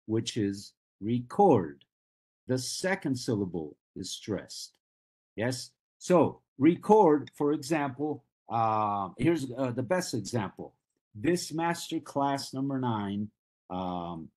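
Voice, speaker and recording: A male English teacher giving a live class at an unhurried, deliberate pace. His voice has a slightly husky edge. He explains patiently and often stops to check that the students follow. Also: medium pitch, darkish tone. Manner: patient, asks the class questions and checks understanding. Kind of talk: live online class lecture.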